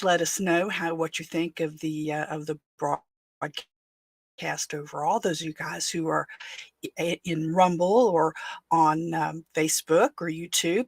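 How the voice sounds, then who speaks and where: A West Virginian woman hosts a live stream from home and chats in a loose, rambling way. Her voice sits a little low and has a gravelly, husky edge. The sound is dry and close. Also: no room sound. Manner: rambling with frequent fillers and restarts. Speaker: podcast host. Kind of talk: casual live-stream chat.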